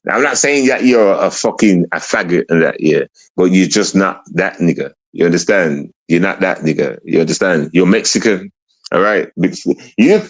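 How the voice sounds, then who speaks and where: A man's voice: fairly low pitch, lively intonation, normal speed. A young man ranting on a casual livestream, mocking and repetitive as he talks to his chat.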